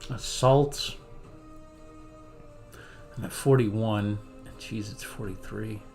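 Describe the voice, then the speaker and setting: A man with a low voice talks through his moves in a strategy game, thinking aloud and muttering half to himself. Faint music plays underneath his casual commentary. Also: takes it slowly, darkish tone.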